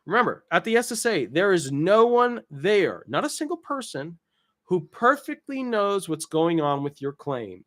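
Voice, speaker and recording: A man's voice: high voice, big pitch swings, normal speed, a bit bright. Rambling, jokey male disability attorney. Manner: rambling, jokey, lots of asides and restarts. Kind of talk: casual explainer video.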